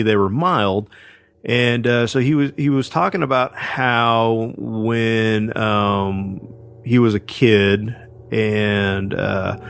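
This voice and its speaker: A man with a low voice relates a story to his co-host in a loose, rambling way, full of "uh" and "like" and restarts. Faint ambience sits under his voice. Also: slight background noise. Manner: rambling, many fillers and restarts. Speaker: podcast co-host. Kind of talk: casual storytelling.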